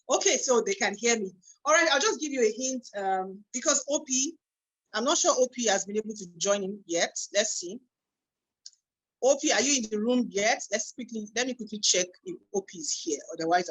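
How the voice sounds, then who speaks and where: Lively Nigerian woman hosting a webinar. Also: a little high, poor audio. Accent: Nigerian English. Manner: lively, chatty, reads out audience comments. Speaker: online meeting host. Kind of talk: hosting a live online webinar.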